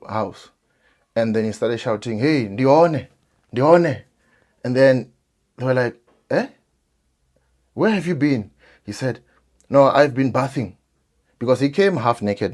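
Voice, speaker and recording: A South African man talking casually to viewers, telling a childhood story with lively acted-out quotes and many fillers. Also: on the low side. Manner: animated, acts out quoted voices, frequent fillers.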